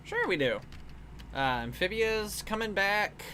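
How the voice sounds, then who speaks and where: Bright-voiced lady chatting with friends, jumps all over in pitch, goofs with accents. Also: sing-song, unhurried, a little hiss or hum. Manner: playful, tries out voices and accents. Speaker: podcast host. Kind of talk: casual chat.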